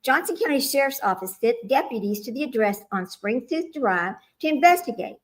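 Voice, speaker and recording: A woman hosting a casual livestream, chatty and addressing viewers by name, flustered and muttering to herself over technical trouble. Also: high voice. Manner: flustered with tech, muttering asides. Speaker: livestream host. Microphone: small microphone.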